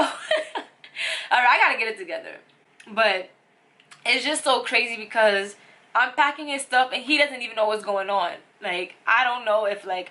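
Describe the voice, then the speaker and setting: A woman's voice: medium pitch, pushed and bright. A young woman telling a personal story on her vlog, emotional and rambling with lots of fillers. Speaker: vlogger.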